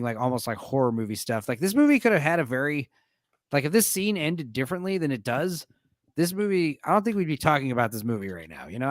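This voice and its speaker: A man's voice: medium pitch, no echo, clean studio sound. A man hosting a casual movie discussion stream, retelling scenes in a rambling, crude way with filler words. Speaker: podcast host.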